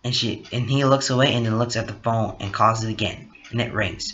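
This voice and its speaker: A man's voice: fairly low pitch, steady tone, fairly quick, hardly any pauses, a bit bright, muffled recording. A man who is sick, hosting his own channel and reading a story aloud, apologetic about how his voice sounds.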